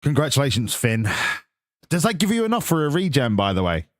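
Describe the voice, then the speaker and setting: A man's voice: a little high, sing-song, brisk, no echo, studio quality. Sweary English man chatting to his stream. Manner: swearing, banter with chat. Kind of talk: casual live-stream chat.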